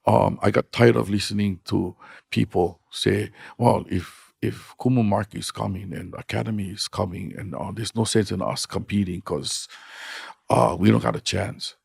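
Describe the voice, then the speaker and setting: A man's voice: lowish voice, vocal fry, darkish tone, husky, no room sound, clean studio sound. A middle-aged man with a Hawaiian accent, a hula teacher telling stories in casual, frank, blunt talk. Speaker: podcast guest, hula teacher. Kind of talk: casual storytelling.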